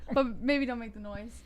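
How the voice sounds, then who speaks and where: A woman's voice: fairly high pitch, darkish tone, highs cut off, a little hiss or hum. A woman co-hosting a casual news chat show, laughing and firing back comebacks. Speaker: co-host.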